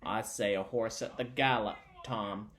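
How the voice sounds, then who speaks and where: A man's voice: lowish voice, steady tone, unhurried, a bit bright. A man voicing a suspicious armed male coach guard who barks his words warily. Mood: wary.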